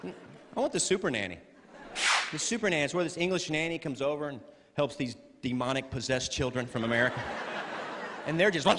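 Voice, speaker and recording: A man doing stand-up comedy on a stage with a handheld mic, telling a story in an animated, punchy way. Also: on the high side, fairly quick, long pauses. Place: stage in a large hall. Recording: reverberant hall with live audience. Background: audience noise.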